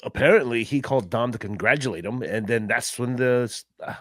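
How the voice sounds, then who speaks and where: A man co-hosting a wrestling podcast, chiming in with quick reactions and blunt opinions. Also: mid-range voice, dry recording. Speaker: podcast co-host. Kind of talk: casual wrestling recap chat.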